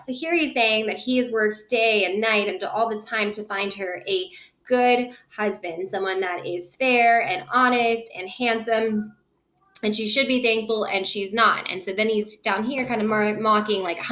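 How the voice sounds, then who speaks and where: A woman's voice: medium pitch, animated, moderate pace, a bit bright. A woman with a mid-range voice reads through a classic play for a lesson. She gives the lines with some feeling, then drops into plain, chatty explanation of what each character means. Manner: switches between acted lines and casual explanation. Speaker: teacher reading and explaining a play. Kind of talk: dramatic reading with plain paraphrase.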